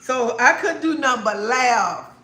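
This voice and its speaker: A woman hosting a livestream, telling a lively story to her viewers and acting out what people said, laughing as she goes. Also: on the high side, a little slow. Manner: animated, laughing, acts out quoted dialogue. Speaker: livestream host. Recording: roomy echo.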